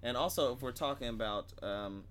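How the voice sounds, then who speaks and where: A podcast co-host with a mid-range voice, chatting loosely. The speech is halting and full of restarts as thoughts get worked out aloud. Faint background ambience runs under the recording. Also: mid-range voice, a bit bright, slight background noise. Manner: rambling, hesitant, full of restarts. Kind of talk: casual chat.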